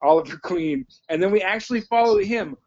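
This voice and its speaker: A man's voice: sits high, a little mellow, muffled recording. A man co-hosting a podcast in casual chat, joking and swearing freely. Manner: joking, swears freely, puts on quick voices. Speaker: podcast co-host.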